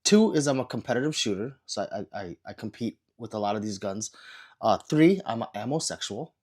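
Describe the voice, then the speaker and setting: A man who is sick, chatting casually on a livestream and reading viewer comments aloud with low energy. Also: very animated, brisk.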